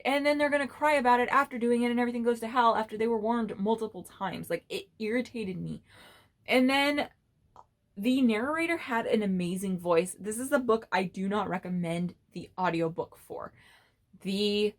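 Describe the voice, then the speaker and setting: A woman's voice: fairly high pitch, expressive, normal speed. A young woman reviewing a book in a casual vlog, blunt and exasperated, swearing freely as she rants. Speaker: book vlogger.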